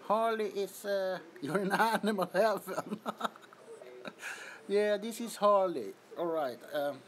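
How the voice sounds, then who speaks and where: A man with a Swedish accent chats casually through a livestream from an apartment, giggling often. His voice sits high and his pace is slow and easy, with a faint hum of room noise behind him. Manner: giggly, amused, introducing kittens. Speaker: livestream host. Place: indoors, apartment.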